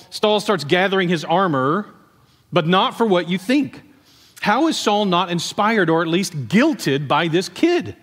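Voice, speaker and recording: A man preaching a sermon, telling the story in a conversational, animated way with asides to the congregation. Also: high voice, big-room sound. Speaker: pastor.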